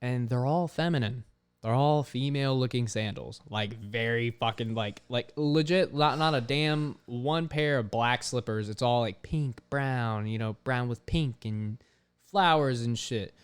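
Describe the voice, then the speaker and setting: A young man tells a story with plenty of animation, dropping curse words and "like" at every turn. His voice has a smooth, clean tone at an everyday middle pitch. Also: measured pace. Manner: animated, swears often, heavy use of "like". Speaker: podcast host. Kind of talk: casual storytelling.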